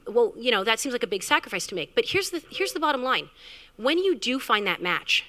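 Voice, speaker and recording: A woman startup founder telling a candid, animated story on stage at a live event, acting out the people she quotes. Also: a little high, a little fast. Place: event venue, amplified on stage. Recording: reverberant event hall.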